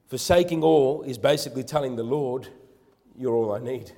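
A man preaching a sermon with rising fervor, often repeating words as he builds, then softening into quiet prayer. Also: mid-range voice, normal speed, long reverb tail. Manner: preaches with swelling fervor, then drops to soft intimate prayer; repeats words and phrases when starting a line.

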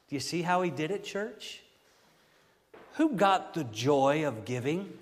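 A middle-aged man preaching a sermon, telling stories in a folksy, animated way with frequent exclamations. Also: a little high, moderate pace, big-room sound. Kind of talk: storytelling sermon.

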